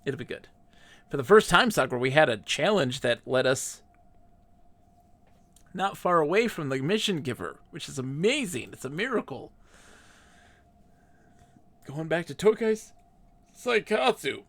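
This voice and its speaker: A man's voice: fairly high pitch, big pitch swings, moderate pace, pauses often, fairly bright tone. A man streaming a game live, chatting casually and reading the game text aloud. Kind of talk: casual gameplay commentary.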